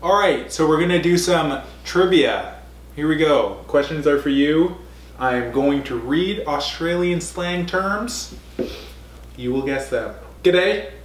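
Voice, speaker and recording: A man's voice: a little high, takes it slowly, echoey room, slight background noise. A young man co-hosting a casual couch vlog, joking dryly while reading out trivia. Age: young adult. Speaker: vlog co-host, athlete. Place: home living room couch.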